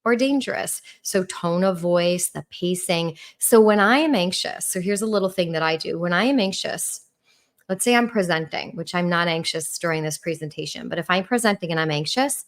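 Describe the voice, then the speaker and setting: A middle-aged woman from New York with a New York accent, a relationship coach on a podcast speaking in a warm, calm tone with rising and falling intonation. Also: lowish voice, normal speed. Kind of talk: podcast talk.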